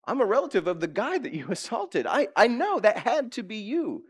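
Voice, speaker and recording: A taunting male servant of the high priest, sure of himself and jabbing with each accusation, as a male preacher puts him on. His voice is pushed well above the speaker's own. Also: sing-song, moderate pace, husky, full character voice. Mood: accusing.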